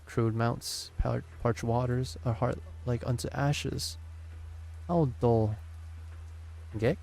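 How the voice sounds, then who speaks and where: A man with a gravelly, fry-laden voice reads a game's story dialogue aloud on stream. His tone is dark and mellow, his pitch sits mid-range, and he takes each line slowly, tripping and restarting on words now and then. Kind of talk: dramatic reading of game dialogue.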